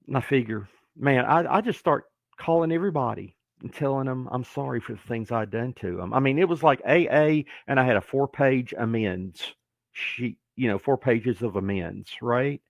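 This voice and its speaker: A man in his sixties, a former wrestler, telling stories as a podcast guest in a joking, animated way, acting out the people he quotes. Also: mid-range voice, moderate pace, creaky, no echo. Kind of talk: casual storytelling.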